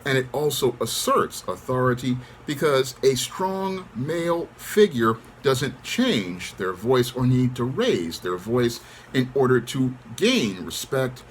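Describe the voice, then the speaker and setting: A middle-aged man hosting his channel, speaking in a calm, controlled monologue. He keeps a measured tone and often repeats set phrases. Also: medium pitch, slight background noise. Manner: calm, controlled, even-toned delivery. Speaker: channel host. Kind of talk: monologue to camera.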